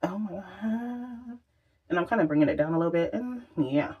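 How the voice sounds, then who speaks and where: A woman's voice: lowish voice, lively intonation, normal speed, breathy edge, muffled recording. A woman chatting casually through a makeup tutorial, exclamatory and swearing freely as she works. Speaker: makeup vlogger.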